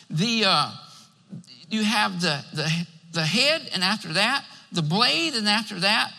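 A male preacher with a strikingly high, very bright voice delivers a sermon, stacking up numbered points and punctuating them with amens. His voice carries a long reverb, as if spoken in a large church sanctuary. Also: vocal fry. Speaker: pastor.

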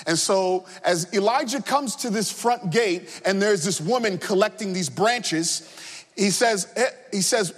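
A man reading scripture aloud and then preaching about it, in an earnest, deliberate way, often repeating words as he builds a point. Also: high-pitched, husky. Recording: long reverb.

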